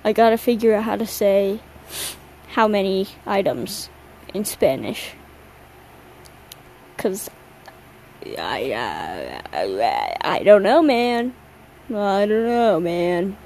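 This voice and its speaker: A woman's voice: mid-range voice, slow pace, long pauses, warm tone, slight background noise, poor audio. A young woman hosting a solo podcast late at night, tired and yawning, rambling in a slangy, self-mocking way. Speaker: podcast host. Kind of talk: casual solo chat.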